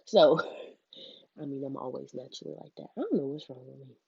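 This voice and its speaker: Young woman vlogger, low raspy voice, blunt profane storyteller, dry dull home recording. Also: expressive, moderate pace, a little mellow, dry recording. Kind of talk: casual storytime vlog. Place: her bedroom.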